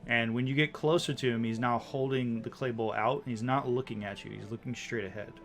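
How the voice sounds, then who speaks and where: A man's voice: medium pitch, steady tone, fairly quick, fairly bright tone, faint music behind. Man narrating a tabletop game. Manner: descriptive, with many likes and ums. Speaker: dungeon master.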